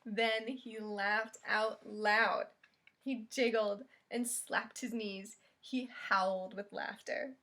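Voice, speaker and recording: A woman reading a picture book aloud to children as a librarian, in an expressive, friendly storytime voice. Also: mid-range voice, takes it slowly.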